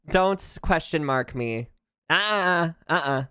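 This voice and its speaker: Lively, animated streamer from the US. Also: medium pitch, unhurried, smooth, no room sound, clean studio sound. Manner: animated, jokey, ranting, laughs often. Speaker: VTuber streamer. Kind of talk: casual gameplay stream chat. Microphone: close streaming mic.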